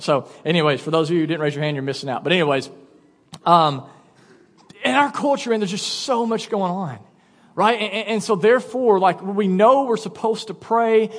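A man in his thirties preaching a sermon as pastor, telling a story with quick asides and lively energy. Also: on the high side, in a large hall. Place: church auditorium.

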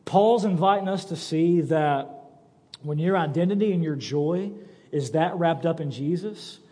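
A male pastor preaching a sermon, telling stories with animated, acted-out quotes. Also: on the high side, unhurried. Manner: animated storytelling, acts out quoted voices. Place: church sanctuary. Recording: church sanctuary with long reverb.

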